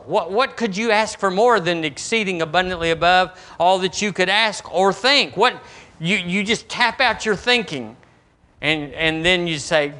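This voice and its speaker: A pastor, preaching emphatically and reading scripture with lively asides. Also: male voice, sits high, normal speed. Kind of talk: sermon.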